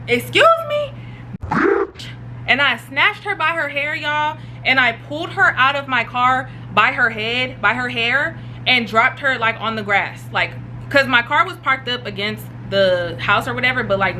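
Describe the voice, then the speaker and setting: A young adult woman vlogger telling a storytime in an animated, slangy way, full of fillers. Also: fairly high pitch, background noise. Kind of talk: storytime vlog.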